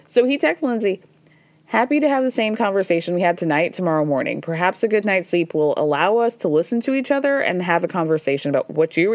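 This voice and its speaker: A woman in her thirties recapping reality TV in a casual, animated storytelling way, quoting people as she goes. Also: medium pitch, no echo. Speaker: podcast host recapping reality TV.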